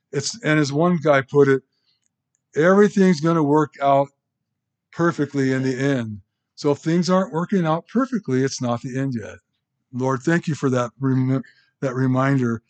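A man preaching a sermon as pastor, in a conversational, halting way with restarts and asides, in a church. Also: fairly high pitch, lively intonation.

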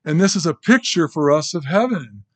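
A man preaching a sermon as pastor, in a conversational, halting way with restarts and asides, in a church. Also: a little high, lively intonation, breathy edge.

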